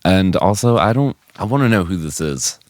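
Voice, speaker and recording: A man's voice: deep voice, lively intonation, normal speed, no room sound, studio quality. A man co-hosting a podcast, chatting casually and joking with a lot of laughter. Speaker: podcast co-host. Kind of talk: casual chat.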